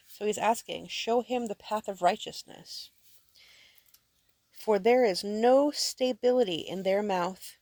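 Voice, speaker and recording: A woman's voice: mid-range voice, takes it slowly, a little mellow, no room sound. A woman teaching her sons scripture at home, reading verses aloud and explaining them plainly, often checking whether they understand.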